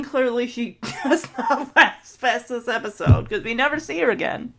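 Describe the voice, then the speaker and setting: A woman casually recapping a TV episode, chatty and giggly, retelling scenes with quoted lines. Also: on the high side. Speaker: podcast host recapping a TV episode. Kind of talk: casual chat.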